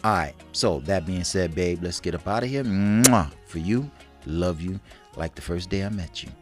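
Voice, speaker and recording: A man with a very deep voice chats loosely with his partner as co-host. He talks in easy street slang, often laughing, with soft music underneath. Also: expressive, normal speed. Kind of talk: casual chat.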